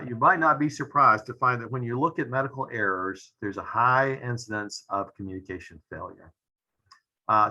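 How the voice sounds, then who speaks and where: A middle-aged man lectures to medical trainees in a measured, halting way, leaning on "uh" between phrases. His voice has a very bright, forward edge. Sentences often fade softer toward their ends. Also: mid-range voice, dull audio. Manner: measured, frequent "uh" fillers, trailing off at phrase ends. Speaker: pediatric intensivist lecturer.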